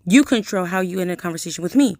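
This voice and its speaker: Gravelly, profane woman in her late twenties. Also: fairly low pitch, lively intonation, fast talker, darkish tone. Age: late 20s. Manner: heated, profane, talks straight at the listener. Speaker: vlogger. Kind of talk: angry direct-to-camera rant.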